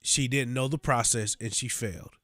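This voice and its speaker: A man's voice: mid-range voice, steady tone, moderate pace, a bit bright, a little hiss or hum. A man hosting a casual reaction commentary over a news clip, mocking and repeating his phrases over and over. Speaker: reaction channel host.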